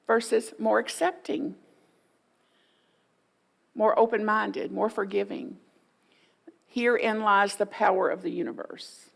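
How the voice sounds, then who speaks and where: A middle-aged woman preaches to a congregation in a folksy, playful way. She acts out the voices in people's heads and draws the room into answering her. Her voice sits a touch high. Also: expressive, slow pace, creaky, long pauses. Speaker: guest minister. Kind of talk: sermon with congregation participation.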